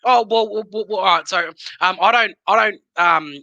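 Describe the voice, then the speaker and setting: A man with a very bright, forceful voice, a little higher than most. He talks in halting bursts full of restarts. The sound is dry and close. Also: no room sound, lo-fi sound. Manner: halting, many restarts and fillers. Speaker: sauce maker guest. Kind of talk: casual interview.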